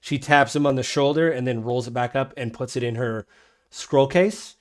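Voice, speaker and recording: A man's voice: medium pitch, normal speed. Rambling male game master. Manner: rambling, many fillers, laughs easily. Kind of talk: narrating a tabletop game.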